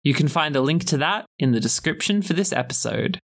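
A man narrating a tabletop game as game master and podcast host, in measured descriptive narration. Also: fairly high pitch, lively intonation, creaky, rough recording. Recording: soft music under the voice.

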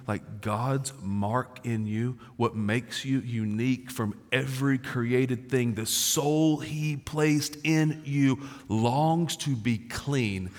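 A man in his forties preaching a sermon as a pastor, talking casually and slangily, swinging from loud emphasis to low, quiet stretches. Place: large church auditorium. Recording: long reverb of a large hall.

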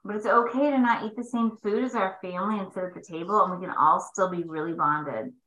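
Female host, coaching talk, bright and expressive, echoey room sound. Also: mid-range voice, brisk. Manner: expressive, swings between emphatic and hushed asides. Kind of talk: faith-based coaching talk.

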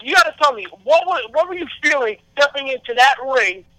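A man's voice: extremely high pitch, animated, brisk, sharp tone, dry recording, rough recording. A man hosting a podcast, introducing a guest in an upbeat, emphatic way. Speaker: podcast host. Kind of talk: podcast interview.

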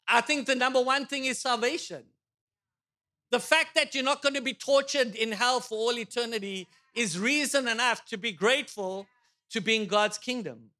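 A male pastor preaching in a church with a notably high, bright voice that cuts through the room. He jokes with the congregation and fires off rhetorical questions in an animated sermon style. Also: moderate pace.

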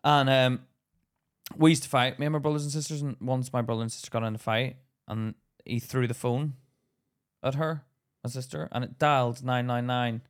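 A young man, co-hosting a casual podcast and telling stories in an animated way. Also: medium pitch, moderate pace, smooth. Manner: animated storyteller, acts out voices loudly. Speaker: podcast co-host. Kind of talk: casual chat.

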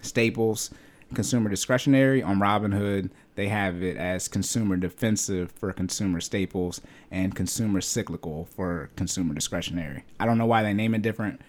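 A man's voice: lowish voice, brisk, a little mellow. A young man co-hosting a podcast, chatting casually about money and fitness, loose and joking with frequent laughs. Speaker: podcast co-host. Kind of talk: casual chat.

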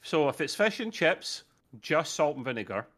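A man banters on a casual gaming podcast with a slightly high voice. His delivery is joking and teasing, and he talks loosely with his co-hosts. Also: very animated, normal speed, a bit bright. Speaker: podcast co-host.

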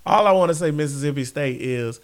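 High-voiced man joking on a sports podcast. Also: fairly quick. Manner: joking, does silly impressions and sings. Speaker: podcast co-host. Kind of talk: casual sports chat.

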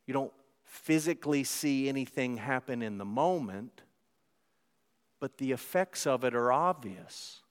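A pastor preaching a sermon in a conversational way, climbing louder and higher for emphasis. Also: male voice, expressive, a little slow, smooth. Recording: preached in a reverberant hall.

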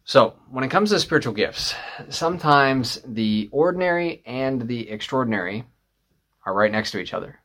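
A young man preaches a sermon in a medium voice. His delivery is conversational, with frequent pauses and "uh" fillers between phrases. He tells his story in a plain, earnest way and leans harder on key points as he preaches. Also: medium pitch, animated, fairly bright tone. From northern Michigan. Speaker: pastor.

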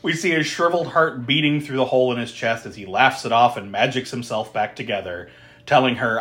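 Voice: medium pitch, lively intonation, fairly quick, a bit bright. A podcast co-host recapping a film in casual chat, laughing often, swearing freely and tossing in sarcastic asides.

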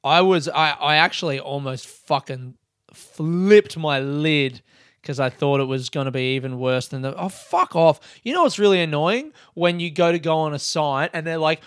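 A man's voice: on the high side, normal speed, dry recording, clean studio sound. A young man hosting a solo podcast, rambling casually, swearing and laughing at himself. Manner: casual, swearing, laughing asides, self-mocking. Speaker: podcast host. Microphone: close podcast mic.

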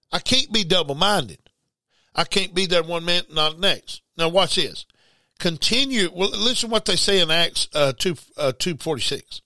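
A man's voice: high-pitched, expressive, normal speed, pushed and bright, no echo. A man preaching a sermon, emphatic and repetitive, reading scripture aloud. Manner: emphatic, repeats words, reads scripture aloud.

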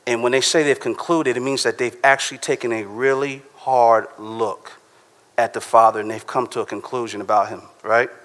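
A man's voice: mid-range voice, steady tone, normal speed, fairly bright tone. A man preaching a sermon in a casual, conversational way, often checking in with "right?". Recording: long hall reverb.

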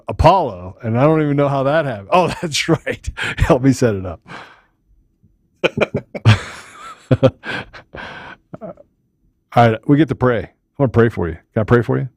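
Guy co-hosting a podcast, loud and upbeat, laughs a lot, middle pitch. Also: animated, unhurried, pauses often, no room sound, studio quality. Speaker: podcast co-host. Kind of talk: casual chat.

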